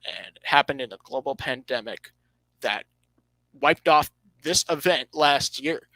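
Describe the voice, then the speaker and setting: Unhurried and medium-pitched, this motorsport podcast host animatedly and emphatically analyzes races and standings. He frequently corrects himself mid-sentence, in a low-quality recording without echo.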